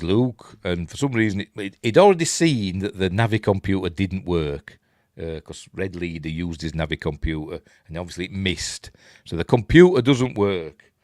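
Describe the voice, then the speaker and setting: An older Yorkshire man chats through a film in a low voice that swings up and down with plenty of life. He rambles along in a casual way and now and then hums the score. The sound is dry, with no room ring. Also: dry recording. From Yorkshire, England. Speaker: film reviewer. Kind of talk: casual commentary over a film.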